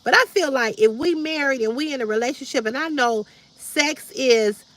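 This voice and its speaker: Outspoken livestream host, woman in her fifties, direct and repetitive, bright forceful tone. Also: high voice, moderate pace. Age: 50s. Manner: blunt, direct, preachy repetition. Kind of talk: casual livestream chat reading comments.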